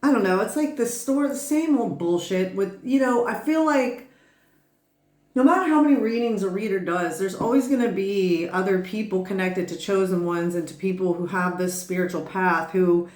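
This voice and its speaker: A woman's voice: mid-range voice, moderate pace, darkish tone, roomy sound. A woman giving a casual tarot reading who rambles, laughs often and swears freely. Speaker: tarot reader.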